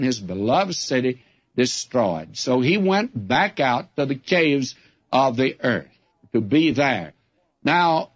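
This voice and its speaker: A man, a pastor, preaching a sermon and reading scripture, with measured delivery that slows for emphasis. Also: medium pitch, no room sound. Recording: dull, dry lo-fi recording.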